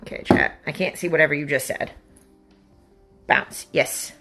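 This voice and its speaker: A woman live-streaming from her living room on a phone, chatting to viewers while she coos at her cat in a high baby-talk voice and mutters to herself while setting things up. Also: steady tone, normal speed, a bit bright, soft background music. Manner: rambling, self-talking while setting up. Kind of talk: casual live-stream chat.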